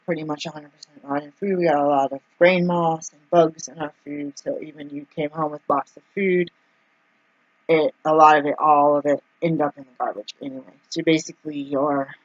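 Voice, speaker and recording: A woman's voice: sits low, no echo, muffled recording. Chatty woman vlogger, dry close sound. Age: adult, mother of two young kids. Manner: chatty, many fillers, acts out quoted people. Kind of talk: casual storytelling vlog.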